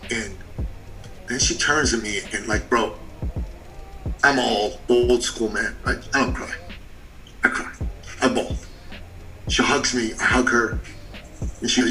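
Bright, forceful man telling a story. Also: mid-range voice, slow pace, pauses often, recorded from a distance, soft background music, poor audio. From Canada. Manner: animated storyteller, short punchy phrases, drops to a hushed tone for emotional parts. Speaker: business coach and podcast guest. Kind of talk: storytelling on a podcast.

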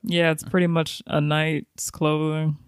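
A woman's voice: deep voice, flat delivery, measured pace, smooth, no echo, clean studio sound. A woman co-hosting a podcast with her sisters, reading out words and definitions in a matter-of-fact way. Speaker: podcast co-host. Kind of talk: casual chat.

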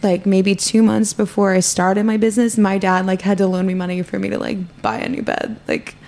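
Woman podcast guest with some vocal fry, heartfelt and chatty, casual faith story. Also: medium pitch, flat delivery, fairly quick, a little mellow. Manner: heartfelt, gushing, lots of "like".

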